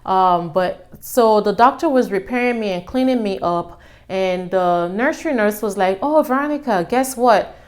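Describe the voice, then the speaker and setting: A young adult woman casually telling her own story to her viewers, acting out what people said with a raised voice. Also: moderate pace. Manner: animated, acts out quotes with raised pitch.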